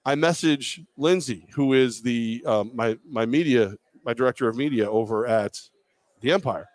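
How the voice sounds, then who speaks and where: A man's voice: mid-range voice, normal speed, no echo. Rambling self-deprecating man on a podcast. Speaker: podcast co-host. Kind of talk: casual storytelling chat. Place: bar or venue, live show.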